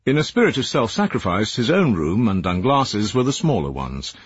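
A man narrating an audiobook in a measured, expressive way. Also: on the low side, husky, no room sound, muffled recording.

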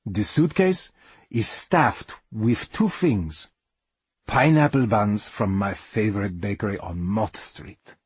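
Husky, slow-spoken middle-aged man storyteller. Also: fairly low pitch, dry recording. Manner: plain non-native English, dropped articles. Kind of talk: dramatic first-person monologue.

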